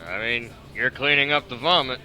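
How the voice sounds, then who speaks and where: A man's voice: medium pitch, moderate pace, soft background music. A man running a tabletop game as game master, narrating with lots of laughter. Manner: animated, laughs often.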